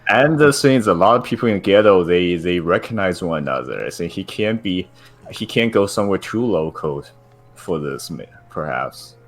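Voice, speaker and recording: A man with a very low voice co-hosting a casual live stream. He reads out viewer messages and adds his own thoughts, pausing and searching for words as he goes. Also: lively intonation. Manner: hesitant, halting, searching for words. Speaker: co-host reading chat donations.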